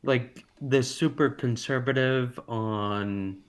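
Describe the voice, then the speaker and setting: A man in a relaxed podcast chat who talks slowly and rambles. He jokes around and loses his thread. His voice sits at an ordinary middle pitch. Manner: rambling, jokey, loses his train of thought. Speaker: podcast co-host. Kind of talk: casual film podcast chat.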